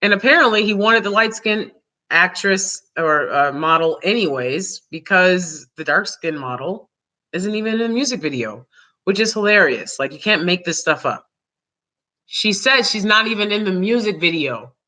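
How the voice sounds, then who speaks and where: A woman hosting a vlog, giving casual opinion commentary in a rambling way, full of fillers and quick laughs. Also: mid-range voice, lively intonation, pushed and bright. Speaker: vlog host.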